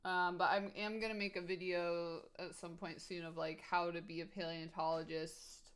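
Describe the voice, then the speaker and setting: A woman's voice: fairly low pitch, flat delivery, moderate pace, clear, resonant tone. A woman streaming casually, answering viewers' comments in a rambling, enthusiastic way full of "like" and "um". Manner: rambling, filler-heavy with frequent "like" and "um"; enthusiastic, laughs easily.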